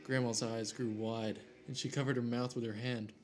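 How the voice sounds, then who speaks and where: Reading a scary story aloud in a casual way, this man speaks at a moderate pace with a medium pitch and a flat delivery. He cracks jokes as he goes and stumbles over names, while faint music sits in the background.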